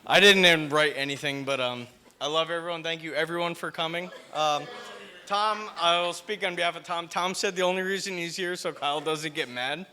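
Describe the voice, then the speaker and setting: A man's voice: on the high side, brisk, pushed and bright. A young man giving an unprepared, rambling and teasing toast at his brother's wedding reception. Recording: noisy reception crowd behind.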